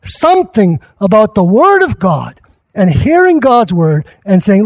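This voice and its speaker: A male pastor preaching a sermon at a church service, impassioned and rising at times to shouts. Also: high voice, wildly swooping pitch, measured pace.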